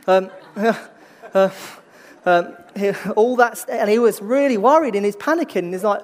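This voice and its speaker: High-pitched guy giving a chatty sermon, restarts a lot, goes quiet and slow for emphasis. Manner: swings between lively emphasis and hushed, slow delivery; repeats and restarts phrases as he thinks aloud. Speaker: preacher. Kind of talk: conversational sermon.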